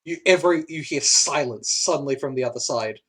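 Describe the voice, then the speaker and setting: Halting man running a tabletop game. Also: mid-range voice, fairly bright tone, breathy edge. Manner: halting, full of fillers and quick apologies. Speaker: game master.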